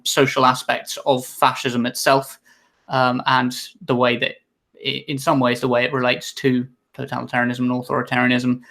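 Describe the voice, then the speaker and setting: Young male guest, very flat delivery, hesitant and halting. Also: medium pitch, creaky. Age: young adult. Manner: hesitant, many ums and uhs, very even delivery. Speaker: guest, history student. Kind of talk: casual interview chat.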